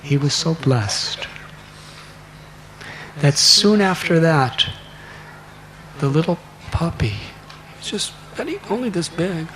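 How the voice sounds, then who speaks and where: A monk in his sixties narrates a sacred tale at an unhurried pace, acting out its characters as he goes. His voice is bright and forward, with a faint hiss of background noise. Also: a little high. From United States. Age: 60s. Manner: expressive, acts out characters. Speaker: monk giving a talk. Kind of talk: devotional storytelling.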